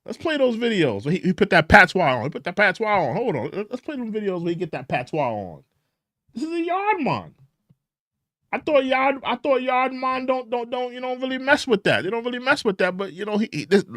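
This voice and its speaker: Animated, bright-voiced man mocking. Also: high-pitched, fairly quick, no room sound, studio quality. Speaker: commentary channel host. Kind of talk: opinionated commentary.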